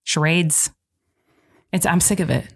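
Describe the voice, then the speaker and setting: A woman's voice: fairly low pitch, steady tone, unhurried, slightly rough. A young adult woman co-hosting a podcast in casual chat, laughing easily and talking over her partner. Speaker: podcast co-host.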